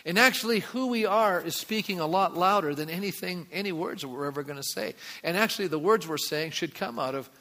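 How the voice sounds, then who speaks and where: A male pastor delivers a sermon in a church sanctuary, and his voice sits a bit higher than most men's. He talks in a conversational way and turns to the congregation with asides. A long reverb trails each phrase through the hall. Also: a little fast, hardly any pauses, pushed and bright.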